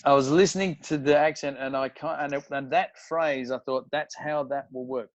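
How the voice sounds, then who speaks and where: A man from Australia, an actor, talking about his craft in a relaxed interview, pausing often with fillers. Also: on the high side, no room sound, muffled recording. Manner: thoughtful, halting with many fillers. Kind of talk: casual interview conversation.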